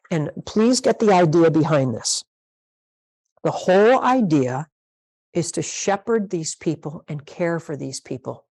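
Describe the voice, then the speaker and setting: A woman's voice: deep voice, a little mellow. A woman pastor teaching a leadership master class, emphatic and repeating her key phrases, sometimes playing out sample conversations.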